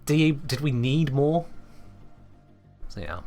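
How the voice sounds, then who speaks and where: A man's voice: medium pitch, measured pace, long pauses, soft background music. A man from England with an English accent, chatting casually and wryly to his live-stream chat. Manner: chatty, wry, talking to chat. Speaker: game streamer.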